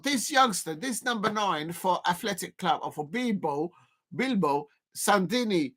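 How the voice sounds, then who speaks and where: A football streamer doing a casual live watch-along commentary, rambling, filling pauses with ums and uhs, correcting themself and breaking into excited shouts at near misses. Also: medium pitch. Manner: rambling and self-correcting, full of fillers and laughs.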